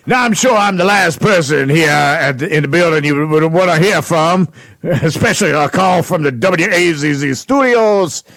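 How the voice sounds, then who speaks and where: A man's voice: a little high, moderate pace, gravelly, fairly bright tone, no echo, rough recording. A man hosting a radio show, doing a rowdy prank-call bit and laughing a lot as he mocks a coworker. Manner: mocking, laughs often. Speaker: radio host. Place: radio studio.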